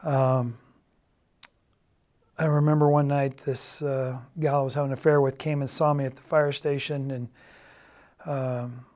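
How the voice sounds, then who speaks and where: A middle-aged man giving a halting, earnest confessional testimony, often dropping to a quiet, subdued tone. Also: mid-range voice, little pitch movement. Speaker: church member giving a personal testimony.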